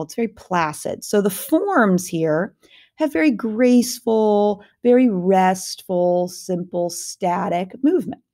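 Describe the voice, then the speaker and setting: A woman's voice: medium pitch, vocal fry, dark tone. A woman art teacher lecturing over slides, explaining step by step with fillers and small self-corrections.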